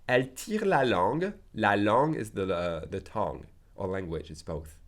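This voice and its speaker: A man with a French accent, a native French speaker teaching a casual language lesson, who says his example sentences slowly and keeps checking in with "okay?". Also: lowish voice, expressive. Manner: slow deliberate pronunciation of French examples, frequent "okay?" check-ins.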